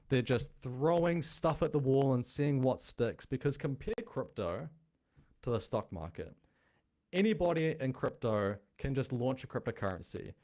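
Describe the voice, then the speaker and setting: A man's voice: mid-range voice, mellow. A man hosting a crypto show, explaining in a blunt, chatty way with a noticeable non-American accent. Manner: blunt, chatty, thinking aloud. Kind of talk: casual explainer talk.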